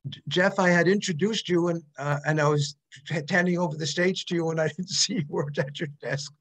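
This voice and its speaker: A man's voice: on the high side, fairly even intonation, fairly quick. A man hosting a poetry evening over a video call, speaking hesitantly with friendly restarts. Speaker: poetry event host.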